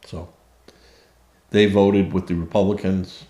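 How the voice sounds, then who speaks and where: A man's voice: low voice, level tone, measured pace, dark tone, roomy sound. A man hosting a political commentary show, talking indignantly and sarcastically, with many fillers and restarts. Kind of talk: opinion commentary monologue.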